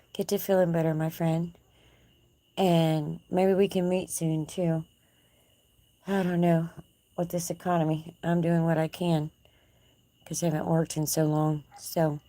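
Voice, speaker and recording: A woman's voice: on the low side, warm tone, no room sound. A woman with a Texan accent hosting a casual live stream from her porch, folksy and chatty with her viewers. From Texas. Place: outdoor porch at dusk.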